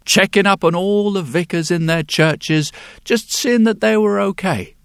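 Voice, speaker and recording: Male storyteller, unhurried with dramatic pauses, slightly higher voice, dry booth-like sound. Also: vocal fry, clear, resonant tone, dry recording. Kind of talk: told folk tale.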